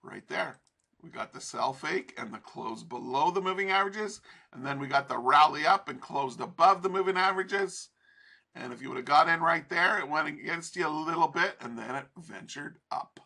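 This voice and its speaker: A man's voice: fairly high pitch, animated, moderate pace, creaky, sharp tone. A man teaching trading over a chart in a casual, profane, rambling way, laughing often. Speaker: trading instructor.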